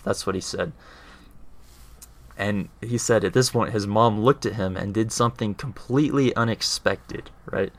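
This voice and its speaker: Man, lowish voice, earnest, casual explaining, keeps checking in with the listener. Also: normal speed, gravelly, dry recording. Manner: earnest, often checks in with "right?". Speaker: speaker explaining faith.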